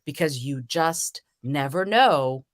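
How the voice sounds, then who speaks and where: A woman guest, a tarot reader, telling lively stories in conversation and acting out the dialogue. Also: sits low, slow pace, dry recording, studio quality. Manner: lively storyteller who acts out dialogue. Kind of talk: storytelling in conversation.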